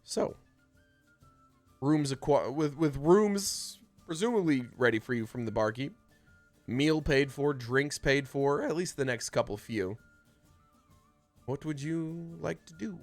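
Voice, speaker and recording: A man's voice: a little high, animated, a little slow, pauses often, faint music behind. A man running a tabletop game as dungeon master, narrating casually with rambling asides and cursing.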